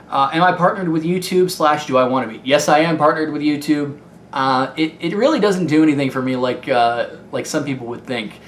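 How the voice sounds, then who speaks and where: Speaking at a medium pitch, a young gaming YouTuber from Ohio with a Midwestern American accent rambles through a casual Q&A vlog. He's candid, full of fillers and false starts, recorded in an echoey room with faint background noise.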